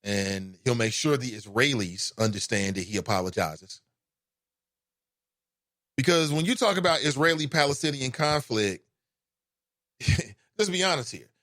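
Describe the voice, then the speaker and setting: A man hosting a call-in talk show, giving casual commentary with an animated delivery that swings from loud emphasis to low asides. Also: unhurried, long pauses, no room sound, studio quality.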